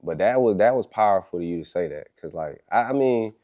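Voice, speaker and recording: A man's voice: low voice, lively intonation, brisk, lo-fi sound. A man hosting a podcast, talking bluntly in slang and backing up his guest. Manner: affirming, blunt, slang-heavy. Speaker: podcast host. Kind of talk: casual podcast chat.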